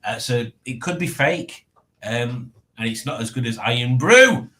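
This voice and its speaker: A man's voice: mid-range voice, expressive, unhurried, bright, forceful tone, roomy sound, slight background noise. A man hosting a casual livestream at home, rambling as he reads chat messages aloud. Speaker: livestream host reading chat. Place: at home, indoors.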